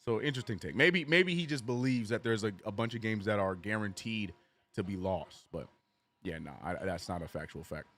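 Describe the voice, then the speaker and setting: A man streaming a live basketball watch-along, calling plays and reading chat with animated, joking frustration. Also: fairly low pitch, fairly quick. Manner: animated, joking, reads chat messages aloud; frustrated fan venting and cursing.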